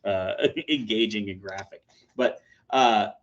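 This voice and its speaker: A man in his forties, a corrections officer, telling a candid personal story in a plainspoken, halting way in a support meeting over a video call. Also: fairly low pitch, a bit bright. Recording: dull lo-fi video call audio.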